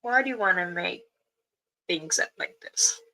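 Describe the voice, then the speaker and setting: A woman, a spiritual elder, telling a story in casual spoken style, unhurried, pausing and restarting. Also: on the low side, lively intonation, bright, forceful tone, rough recording.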